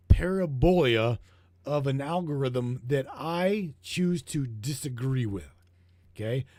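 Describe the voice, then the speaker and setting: A man hosting a broadcast, talking in a heated, profane, rambling way and repeating himself, his voice getting hoarse. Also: on the high side, darkish tone, no room sound. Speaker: broadcast host. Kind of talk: rambling conspiracy talk show.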